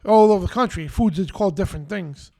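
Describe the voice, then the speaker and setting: A man's voice: high-pitched, fast, gravelly, mellow. A man hosting a live radio show, talking casually with many fillers and laughs. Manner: chatty, laughing, full of fillers.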